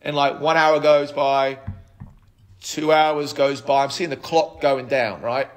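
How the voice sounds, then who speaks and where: A man in his thirties, a podcast guest telling his life story in an animated way, with frequent restarts. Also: medium pitch, takes it slowly. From United Kingdom. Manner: animated, acts out quoted dialogue, frequent restarts. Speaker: podcast guest, app co-founder.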